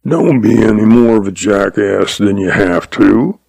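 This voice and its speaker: A man's voice: on the low side, unhurried, gravelly, darkish tone, slightly rough, dry recording, exaggerated voice. A man doing a sneering, raging outlaw. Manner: sneering, raving. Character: hot-tempered sneering outlaw cowboy.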